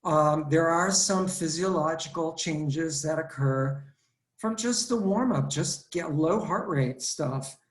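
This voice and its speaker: A man's voice: on the high side, takes it slowly. A male fitness instructor leading a live online workout class, counting reps aloud and giving step-by-step cues over a video call. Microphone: video call computer mic. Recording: roomy echo.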